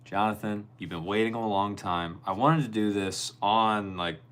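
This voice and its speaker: A young man with a very low, deep voice hosts a relaxed livestream from his bedroom. He reads viewers' comments out loud and replies to each of them by name in an easygoing way. A faint hum sits behind him. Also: moderate pace. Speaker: livestream host. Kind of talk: casual livestream chat.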